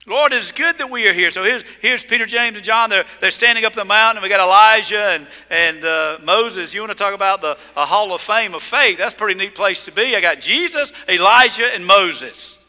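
A male pastor preaching a sermon with emphasis, swinging from loud declarations to hushed lines. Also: high voice, normal speed, few pauses, in a large hall.

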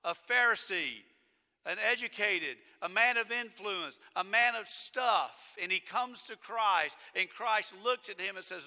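A male pastor preaching a sermon, emphatic, repeating phrases and slowing right down to stress key words. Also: sits high, sharp tone. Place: church sanctuary. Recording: long church reverb.

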